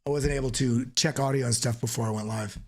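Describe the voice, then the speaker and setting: A man hosting a live crypto trading stream, joking and energetic as he walks through charts, swearing casually now and then. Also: mid-range voice, fast. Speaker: crypto trading channel host.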